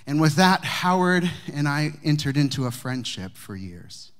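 A man preaching, a pastor telling a personal story to his congregation with humor and warmth of delivery. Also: a little high, very animated, measured pace, hardly any pauses. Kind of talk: sermon storytelling. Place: church sanctuary with congregation.

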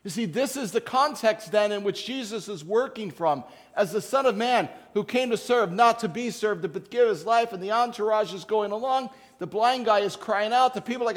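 Man, high voice, pastor, conversational sermon, acts out characters in asides. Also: normal speed, few pauses.

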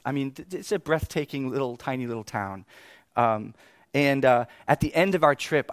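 A man in his thirties preaching, telling a family story with animated swings between exasperated outbursts and quiet reflection. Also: medium pitch, no room sound. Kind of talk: sermon storytelling.

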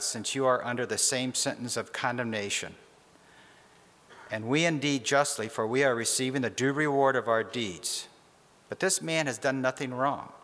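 A man reading a scripture passage in a measured, solemn way. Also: mid-range voice, fairly bright tone, long reverb tail. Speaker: scripture reader.

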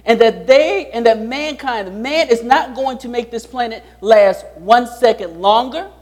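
A man's voice: extremely high pitch, a little slow, a little mellow. A pastor preaching a sermon, repeating his key lines and putting rhetorical questions to the congregation.

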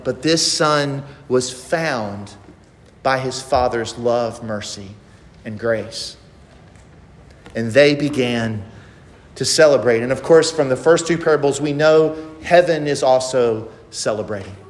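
A man's voice: medium pitch, slow pace, big-room sound. A man preaching a sermon who presses the listeners with pointed rhetorical questions. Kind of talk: expository sermon.

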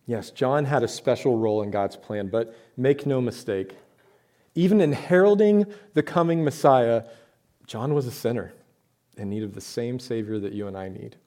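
A man's voice: mid-range voice, normal speed, dark tone. A man preaching a sermon to his church, talking in a conversational way with rhetorical questions and emphatic points. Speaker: pastor.

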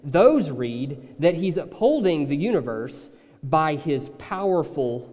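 A man preaching a sermon in a conversational, animated way, slipping into acted asides. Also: on the high side, slow, in a large hall, soft background music. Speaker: pastor.

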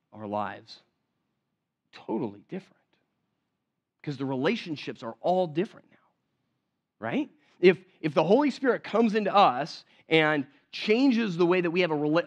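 A man preaching a sermon in a conversational way, often checking in with his congregation. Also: a little high. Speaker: pastor. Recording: slightly dull, lo-fi sound.

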